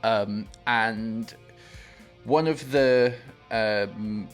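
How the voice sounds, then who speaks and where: A man hosting a movie reaction, talking about the film with excited, gushing enthusiasm. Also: on the low side, very slow, faint music behind.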